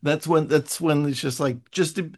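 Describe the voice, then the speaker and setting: A man hosting a casual chat, telling travel stories with quick asides and laughs, over a video call. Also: a little high, steady tone. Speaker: host.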